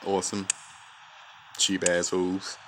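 A man giving profane, trash-talking commentary over his own gameplay, reacting loudly to each fight. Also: sits low, completely flat delivery, a little slow, a little hiss or hum. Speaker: gaming channel host. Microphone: off-camera voice-only mic.

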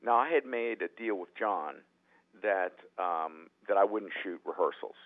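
A man who is a writer-director telling animated stories in an interview, often restarting his sentences. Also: deep voice, measured pace. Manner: animated, acts out quotes, frequent restarts. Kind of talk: anecdotal storytelling in a podcast interview. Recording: tinny phone-like line.

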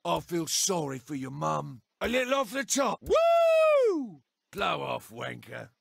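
A cocky British gang-boss president. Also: male voice, a little high, big pitch swings, moderate pace, vocal fry, fairly bright tone, husky, no room sound, studio quality, heavily acted. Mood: taunting. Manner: mocking, crude, swaggering taunts. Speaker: player character taunting. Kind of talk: video game voice acting.

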